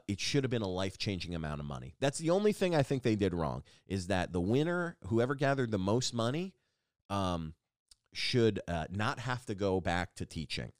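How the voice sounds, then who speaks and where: A man's voice: on the low side, no room sound, studio quality. A man hosting a casual solo podcast, rambling and self-deprecating with lots of restarts. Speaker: podcast host.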